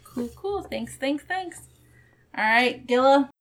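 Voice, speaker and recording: A woman narrating as game master of a tabletop game, giving rulings in an animated way with quick restarts. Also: sits high.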